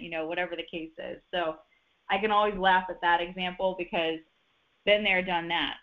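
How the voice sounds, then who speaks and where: Speaking at a moderate pace in a steady, low-leaning voice, a human design reader chats through a casual personal reading full of fillers and restarts. The sound is dull lo-fi.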